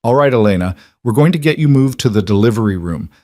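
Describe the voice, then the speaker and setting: A man voicing a calm, efficient woman doctor, brisk and encouraging. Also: medium pitch, dry recording, clean studio sound, lightly acted.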